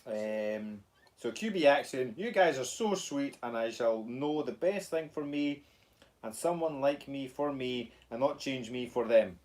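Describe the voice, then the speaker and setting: A Scottish man chats loosely on a live stream, reading viewer comments between plenty of ums. His delivery is relaxed, hesitant and bluntly frank. His voice sits at an ordinary middle pitch. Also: measured pace. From Scotland. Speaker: fitness coach co-hosting a live stream.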